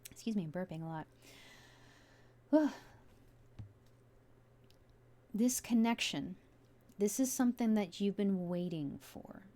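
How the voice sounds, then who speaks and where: A woman's voice: mid-range voice, animated, unhurried, warm tone. A woman giving a casual tarot reading, musing aloud with many fillers as she turns the cards. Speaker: tarot reader.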